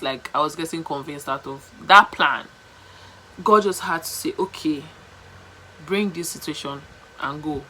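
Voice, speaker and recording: A young Nigerian woman vlogging, telling a story to camera in a chatty, animated way, repeating herself and slipping into pidgin. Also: deep voice, a little hiss or hum, poor audio.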